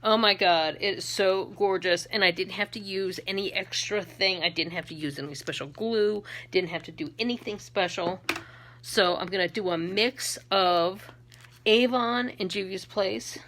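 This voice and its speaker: A middle-aged woman chatting casually through a makeup tutorial, laughing often and breaking into shrill put-on accents. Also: moderate pace, fairly bright tone, a little hiss or hum. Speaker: beauty vlogger and makeup seller.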